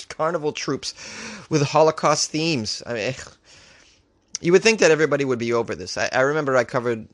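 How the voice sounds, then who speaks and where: A male podcast host at a middle pitch, recorded dry and close with no room around him. He reads odd news items aloud and then rants about them, full of sarcastic disbelief. He sounds a little loopy as he goes. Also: lively intonation, moderate pace, long pauses, no room sound. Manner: incredulous, ranting, reads stories aloud then riffs.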